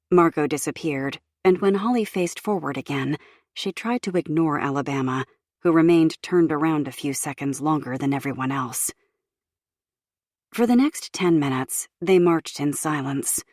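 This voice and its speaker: A woman narrating an audiobook in a measured, even storytelling manner from a recording booth. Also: deep voice, dry recording, clean studio sound.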